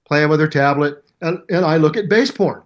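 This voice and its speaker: An older musician talking as a guest in a casual interview, telling animated stories and mimicking voices and sounds. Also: male voice, fairly high pitch, moderate pace, dull audio.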